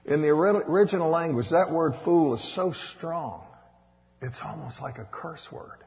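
Man preaching; big swings from shouts to hushes, long hall reverb, slightly muffled. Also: a little high, normal speed. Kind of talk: sermon. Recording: dull echoey hall recording.

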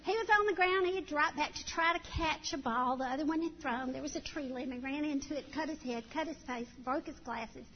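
A middle-aged woman telling animated, folksy stories to a church audience, recorded in a church hall. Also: high voice, brisk, few pauses, a little hiss or hum. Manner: animated, folksy storytelling with acted-out voices. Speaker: church speaker. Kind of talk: storytelling talk to a church audience. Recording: dull sound in a long-reverb hall.

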